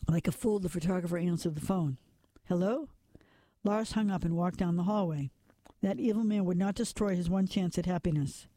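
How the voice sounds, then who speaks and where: A man reading a dark crime story as a measured narrator, sometimes dropping to a whisper at tense moments. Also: high voice, no room sound. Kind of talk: scripted noir narration.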